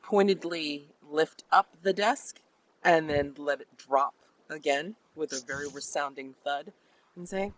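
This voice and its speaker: A game master narrating a tabletop role-playing session in a chatty, animated way with many fillers. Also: medium pitch, unhurried, low-quality recording.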